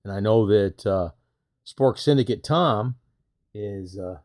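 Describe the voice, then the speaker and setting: Host: middle-aged man, folksy and chatty, lowish voice. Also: takes it slowly, darkish tone. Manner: chatty, folksy, calls viewers brother. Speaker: live stream host. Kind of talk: casual live stream chat.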